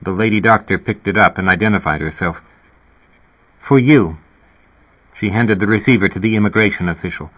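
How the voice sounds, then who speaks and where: A man reading science fiction as an audiobook narrator in a steady, even storytelling manner, over a phone-like narrow sound. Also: sits low, quick pace, few pauses.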